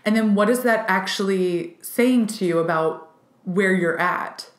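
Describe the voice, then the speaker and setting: A woman giving a casual, channeled card reading to her viewers, excited and chatty, with many "like" fillers. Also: medium pitch, unhurried. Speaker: intuitive card reader. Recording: roomy echo.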